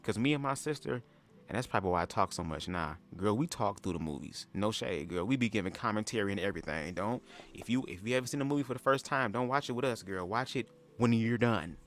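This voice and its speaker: A man hosting a casual livestream reaction chat, sassy and profane, telling stories and leaping into high-pitched impressions. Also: animated, fast, a bit bright. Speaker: livestream host.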